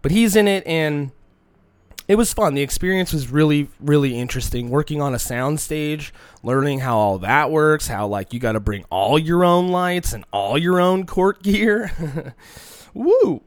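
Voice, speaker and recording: A comedian talks straight into a phone camera in a loose, profane monologue, a man with a slightly high voice that swoops all over. He mocks people in put-on voices and admits his voice is shaky. The sound is dry and close, with no room around it. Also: moderate pace, clear, resonant tone, no room sound. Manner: profane, rambling, animated with mocking quoted voices. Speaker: comedian self-producing a video. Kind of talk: casual vlog monologue. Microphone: phone used as camera.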